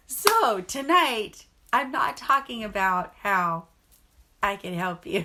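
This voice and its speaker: A woman's voice: on the high side, sharp tone. A middle-aged woman and mother, chatting to camera in a rambling, earnest storytelling vlog. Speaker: vlogger and mother.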